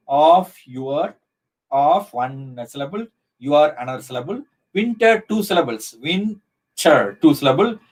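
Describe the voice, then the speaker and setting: A man teaches poetry in a live online session. His voice sits a little high, and he works through each point slowly with many "uh"s and restarts. The delivery is patient and explanatory. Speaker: professor.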